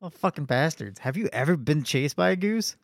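A man's voice: fairly high pitch, expressive, fairly quick, no room sound, studio quality. Profane, rambling young man podcaster. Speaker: podcast co-host. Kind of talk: casual chat.

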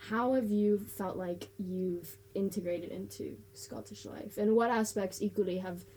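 A woman's voice: mid-range voice, a little slow, dark tone, slight background noise. A young adult woman hosting a casual interview, friendly and asking long questions. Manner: friendly, laughs along, asks long questions. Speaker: podcast host.

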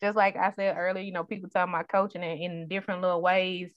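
A woman in her thirties in casual conversation, an animated storyteller who acts out the voices in her stories. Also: fairly low pitch, quick pace, no room sound. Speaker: guest sharing her story. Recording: dull, dry sound.

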